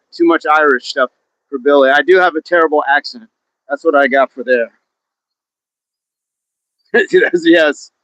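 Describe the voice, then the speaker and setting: A man with a fairly high, fairly bright voice hosts a fitness livestream outdoors, chatting casually and reading viewer comments. He jokes and laughs often, and the recording sounds dull, dry and lo-fi.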